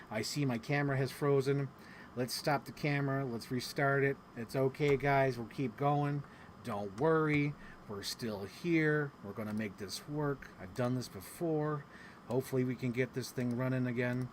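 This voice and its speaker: A man chats to his camera in a loose vlog style, talking in a voice a little higher than most. He gets animated and swears freely as he tells a story. A faint hiss sits under the recording. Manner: animated, swears freely, acts out quotes with big pitch jumps. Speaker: vlogger.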